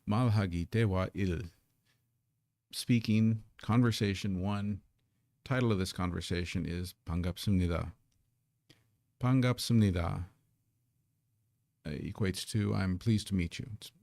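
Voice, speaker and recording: A man teaching a live online Korean lesson, patiently explaining and sounding out syllables slowly. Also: on the low side, vocal fry, a little mellow, dry recording, clean studio sound.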